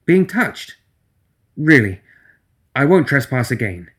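A small, mouse-like young woman from a storybook who rambles eagerly and nervously, as a male narrator puts her on. Her voice sits well above his usual low tone and skips along in quick, fidgety bursts. The talk is plain and close. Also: very animated, fairly bright tone. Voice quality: mouse-like, high voice.

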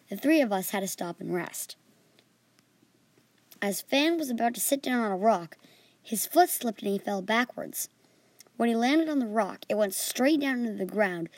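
A woman's voice: medium pitch, a little mellow, dry recording. A female podcast host reading her own fantasy adventure story in an earnest way, with small slips.

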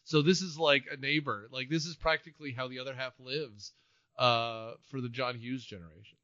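Bright-voiced man, animated movie chat. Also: mid-range voice, normal speed, dry recording, lo-fi sound. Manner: animated, laughs often, acts out quotes. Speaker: podcast co-host. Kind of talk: casual movie-review chat.

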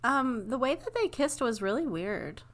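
A young woman co-hosting a podcast chats casually, telling animated stories punctuated by laughter. Her voice sits on the high side, and she keeps a moderate pace.

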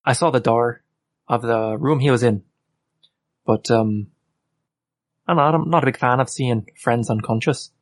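A man with an ordinary mid-pitched voice who plays a tabletop game and speaks in a hesitant, halting way. The recording is dry, with no room echo. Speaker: player. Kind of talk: playing a tabletop game in character.

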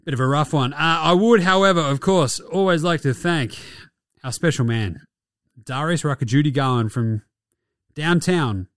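Sarcastic Australian man, slightly high voice. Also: normal speed, no echo, studio quality. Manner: sarcastic, profane, mocking. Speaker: basketball commentator. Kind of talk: casual sports recap.

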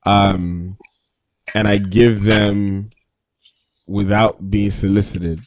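A man co-hosting a casual chat, talking in a measured, reflective way. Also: fairly low pitch, level tone, a little hiss or hum.

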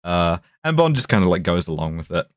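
Rambling, animated man recapping a film. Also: low voice, brisk, dry recording, clean studio sound. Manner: rambling, profane, lively retelling. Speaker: podcast host. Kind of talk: casual film recap podcast.

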